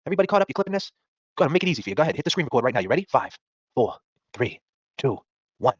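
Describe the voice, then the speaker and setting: A man's voice: medium pitch, sing-song, very fast, husky, no echo, highs cut off. A man hosting a podcast, ranting at critics in a combative, profane, mocking way. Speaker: podcast host. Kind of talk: ranting talk-show monologue.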